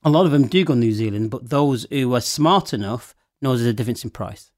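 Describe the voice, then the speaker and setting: A middle-aged man talks about his wine business in a lively, story-telling way, breaking into laughter often. His voice sits in a middle pitch and is recorded dry and close. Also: a little fast, no echo. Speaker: wine shop owner. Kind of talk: casual chat.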